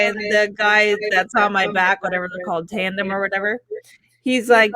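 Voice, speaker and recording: A woman co-hosting a podcast, telling animated stories in casual chat and laughing often. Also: medium pitch, normal speed, a crowd in the background. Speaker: podcast co-host.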